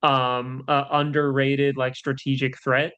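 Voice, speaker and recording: A man's voice: medium pitch, little pitch movement, measured pace, sharp tone, smooth, dull audio. A man co-hosting a podcast in casual chat, rambling with lots of fillers. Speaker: podcast co-host.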